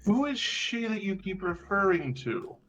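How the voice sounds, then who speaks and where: Brief: male player, polite and measured, slightly high. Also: expressive, pushed and bright, soft background music, rough recording. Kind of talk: tabletop role-play.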